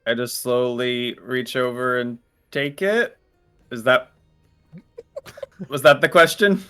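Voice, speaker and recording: A man playing a tabletop game, deadpan and a little hesitant in casual table chat. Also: mid-range voice, takes it slowly, smooth, soft background music. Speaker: player.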